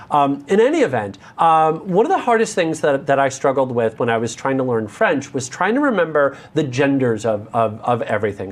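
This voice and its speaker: Lively, joking American man teaching code. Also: a little high. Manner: candid, self-deprecating, joking asides. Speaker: instructor. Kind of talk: live coding lesson.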